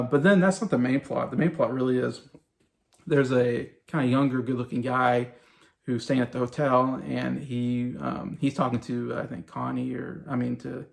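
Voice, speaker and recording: Around forty, a man with a creaky mid-range voice gives a casual, rambling TV show review. His loose retelling is full of fillers and little chuckles.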